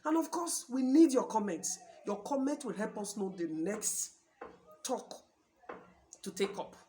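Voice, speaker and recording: A woman's voice: medium pitch, sing-song, unhurried, dark tone, slight background noise. A Nigerian woman hosting a show, giving emphatic, preachy marriage advice and repeating her points for stress. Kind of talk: talk show address.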